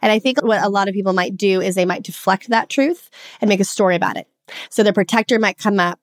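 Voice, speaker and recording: A woman's voice: mid-range voice, fast, no room sound, clean studio sound. Earnest coach woman in her forties. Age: 40s. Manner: earnest, animated, laughs often. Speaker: guest coach. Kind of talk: podcast interview conversation.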